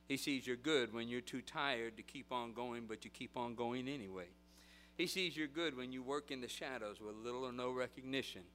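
Bright-voiced man preaching a sermon. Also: medium pitch. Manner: animated storytelling, acting out voices and shouting; repetitive rhetorical preaching cadence.

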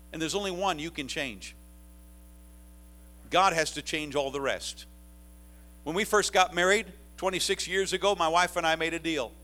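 A man in his fifties preaching a sermon to college students, moving from quiet reflection to loud, urgent pleading. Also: on the high side. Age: 50s.

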